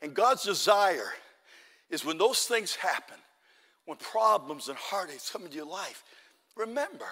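A man preaching a sermon as pastor, building to loud exhortation and calling the congregation to answer amen. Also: fairly high pitch, in a large hall. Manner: fervent, builds to loud exhortation, calls for amens.

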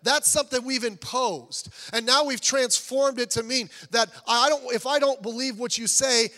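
A man preaching a sermon as pastor, swinging from soft low asides to raised, pleading urgency. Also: animated, moderate pace, few pauses. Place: church sanctuary. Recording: church hall reverb.

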